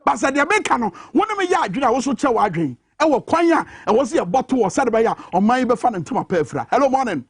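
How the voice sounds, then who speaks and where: A Ghanaian man with a very high-pitched voice delivers fiery political commentary from a broadcast studio. His delivery is preaching and forceful, and the sound is close and dry. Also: big pitch swings, quick pace, few pauses, breathy edge, dry recording. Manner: fiery, preaching, mixes English into his speech. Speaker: radio and TV talk show host.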